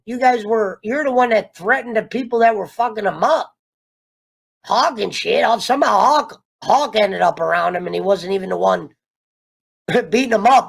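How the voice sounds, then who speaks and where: A man casually ranting through a TV show review, animated and profane, wandering off on tangents. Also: high-pitched, gravelly. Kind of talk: casual rambling rant.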